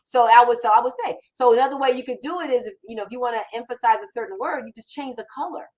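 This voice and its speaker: Woman mentor, live Q&A chat, emphatic, repeats herself, fairly high pitch. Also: racing, darkish tone, poor audio. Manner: emphatic, conversational, repeats phrases and restarts. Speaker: copywriting mentor and show host.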